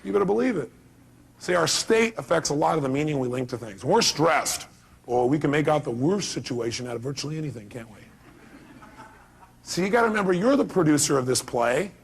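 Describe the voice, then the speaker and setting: A man's voice: on the high side, lively intonation, a little fast, vocal fry, husky. A middle-aged man giving a motivational seminar talk, emphatic and quizzing the audience with questions. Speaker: motivational speaker.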